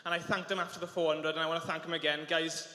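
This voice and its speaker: A young man with a Welsh accent giving a halting, emotional interview after a race, in a large indoor arena. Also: fairly high pitch, flat delivery, sharp tone. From South Wales. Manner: halting, with many restarts and fillers. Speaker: interviewed swimmer. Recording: long arena reverb.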